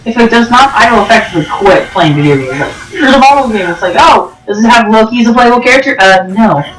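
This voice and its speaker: A man giving chatty, excitable let's-play commentary over a video game, sometimes pleading and whiny. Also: high voice, quick pace, far from the mic. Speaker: gaming YouTuber. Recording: echoey room with game music behind. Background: game music.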